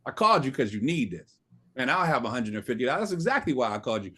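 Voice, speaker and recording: A man's voice: medium pitch, sing-song, racing, bright, forceful tone, slightly rough. A middle-aged man leading a sales training session over a video call, emphatic and coaching, drilling his listeners with call-and-response lines. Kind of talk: motivational training talk.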